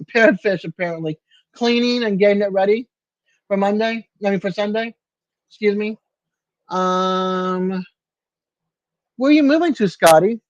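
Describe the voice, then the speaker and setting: An older man hosts a casual livestream from his apartment, answering viewers by name in a chatty way. His voice is high-pitched, with no room sound and the highs cut off.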